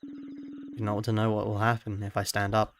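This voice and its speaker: A man's voice: on the low side, wildly swooping pitch, normal speed, gravelly, a little hiss or hum, full character voice. A man playing a stern older madame. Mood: threatening. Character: stern older woman with French accent.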